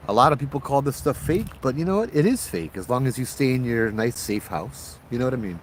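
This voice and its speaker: A man with a Hawaiian accent, a bit tipsy, telling ghost stories outdoors in a relaxed, rambling way with local slang. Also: mid-range voice, fairly quick, slight background noise. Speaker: host, ghost-story teller. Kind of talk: casual spoken storytelling. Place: outdoors at night.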